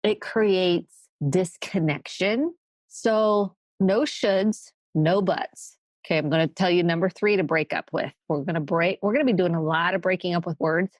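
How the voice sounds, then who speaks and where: A woman's voice: lowish voice, moderate pace, no echo. A woman therapist hosting a solo podcast. She talks in an earnest, emphatic way and acts out quoted phrases.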